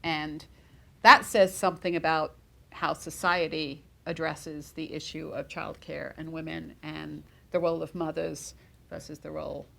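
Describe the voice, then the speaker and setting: A woman's voice: sits low, vocal fry. A woman in her forties speaking candidly on a panel as a newsroom leader, reflective, with frequent fillers and restarts. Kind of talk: panel discussion.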